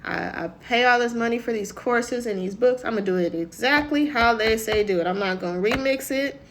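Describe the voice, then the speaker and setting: A woman with a voice on the high side speaks a little fast, delivering a casual motivational talk. She keeps it conversational, repeatedly asking "right?" to check in with listeners and acting out the voices of people she quotes.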